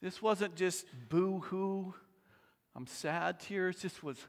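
A man preaching a sermon, slow and deliberate, sometimes dropping to near-whispers for emphasis. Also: high-pitched, steady tone, long reverb tail. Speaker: pastor.

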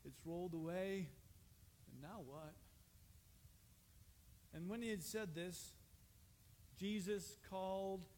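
A male pastor preaching a sermon in a conversational way, asking the congregation questions and rising to loud, emphatic passages. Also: high-pitched, slow pace, pauses often, slight background noise. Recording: reverberant hall, faint ambience.

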